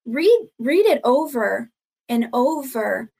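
A woman guest teaches on a podcast in a slightly raised voice. She lays out her points in a steady, earnest way and circles back to stress them. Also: on the high side, slow pace, creaky. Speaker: ministry founder, guest.

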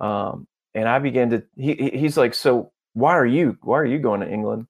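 A man as a podcast guest, telling a story in a casual, animated way and acting out the dialogue. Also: mid-range voice, moderate pace, creaky, husky. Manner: animated, acts out dialogue, peppers talk with "bro" and "dude".

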